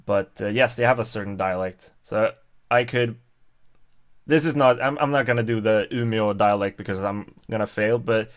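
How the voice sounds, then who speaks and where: A man's voice: on the low side, normal speed. A man with a Swedish accent chatting casually with viewers on a livestream, hesitant, with many fillers and restarts. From Sweden. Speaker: livestream host. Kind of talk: casual live-stream chat.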